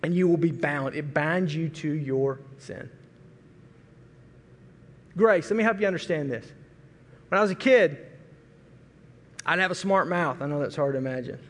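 A middle-aged man from Arkansas preaching a sermon, telling a folksy, animated story and acting out family voices. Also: fairly high pitch, normal speed, long pauses. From Arkansas, USA. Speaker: pastor. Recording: long reverb of a large hall.

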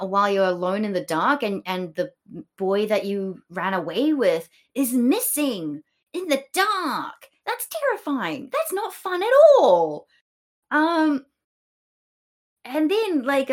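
A woman co-hosting a podcast, chatting casually about a play with many fillers and acted-out quotes. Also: mid-range voice. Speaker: podcast co-host.

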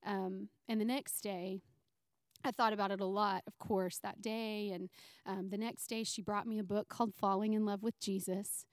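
A woman's voice: mid-range voice, little pitch movement, moderate pace, smooth, dry recording. A woman guest on a podcast, telling a personal faith story in conversation, full of fillers and restarts and close to tears. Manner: emotional, near tears.

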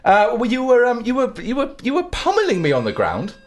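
A man's voice: extremely high pitch, huge pitch swings, brisk. A man hosting a comedy podcast, rambling and self-mocking with lots of fillers. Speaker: podcast host.

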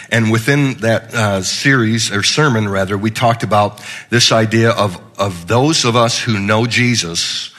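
Male pastor, middle-aged, bright voice, casual joking sermon, stumbling restarts. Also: on the low side. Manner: conversational, joking, with frequent restarts.

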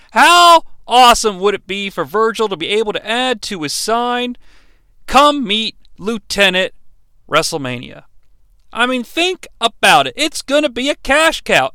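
A man hosting a comedic podcast, talking in an animated, jokey, mock-dramatic way. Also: sits high, clear, resonant tone, dry recording, clean studio sound. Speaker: podcast host. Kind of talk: comedic wrestling podcast monologue.

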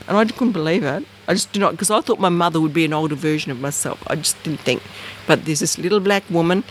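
Animated Australian woman telling a story. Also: fairly low pitch, a little fast, few pauses, slight background noise. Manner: animated, acts out voices and sounds. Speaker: interview guest. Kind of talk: personal storytelling.

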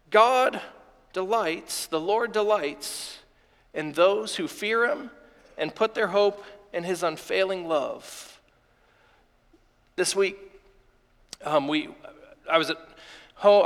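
A man in his thirties preaches in a high voice, his sermon turning emotional as he tells a story with halting restarts. His words ring out with a long reverb from the church sanctuary. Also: a bit bright. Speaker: pastor.

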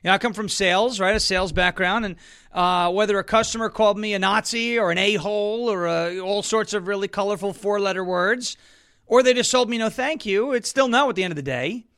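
Male political commentary host, high and bright tone, sarcastic and emphatic. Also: a little fast, clear, resonant tone. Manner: sarcastic, mocks opponents in put-on voices; loud emphatic outbursts.

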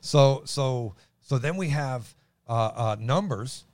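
An excitable man teaching the Bible in a casual chat, his voice booming as he stumbles over restarts. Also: takes it slowly, no echo.

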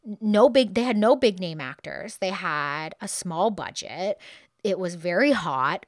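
A woman hosting a podcast in a chatty, animated way, acting out little quotes as she talks. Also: medium pitch, dry recording, studio quality. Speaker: podcast host. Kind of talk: casual podcast talk.

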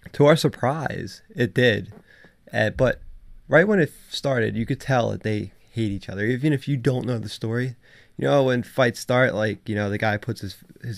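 Gravelly young man, rambling casual recap. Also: fairly low pitch, no echo, studio quality. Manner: rambling, filler-heavy, frequent laughs and restarts. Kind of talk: casual monologue recapping a fight night.

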